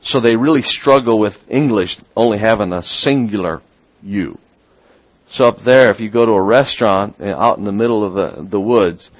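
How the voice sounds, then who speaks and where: A man preaching a sermon as a pastor, getting excited and repeating words as he builds up. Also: fairly low pitch, dry recording, lo-fi sound.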